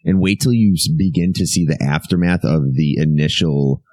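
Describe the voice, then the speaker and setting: A man's voice: very deep voice, normal speed, darkish tone, dry recording. A young man co-hosting a podcast in casual chat, rambling loosely, swearing and laughing often. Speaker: podcast co-host.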